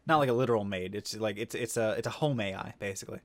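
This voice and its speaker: A man's voice: on the low side, fast, dry recording. A man hosting a casual podcast, rambling and swearing freely with frequent restarts. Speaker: podcast host. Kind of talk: casual chat.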